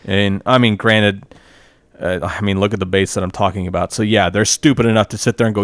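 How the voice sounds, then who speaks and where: A low-voiced man in a casual podcast chat, blunt and profane, padding his sentences with "like" and "I mean". The sound is dry and close, with no room around it. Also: fairly even intonation, moderate pace, no room sound. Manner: blunt, profane, filler-heavy with "like". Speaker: podcast co-host.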